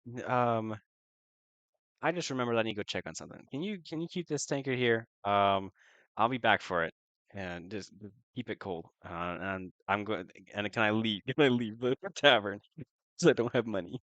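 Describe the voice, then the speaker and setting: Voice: medium pitch, moderate pace, fairly bright tone, no echo, highs cut off. A player in a tabletop game who talks hesitantly with many fillers and laughs often.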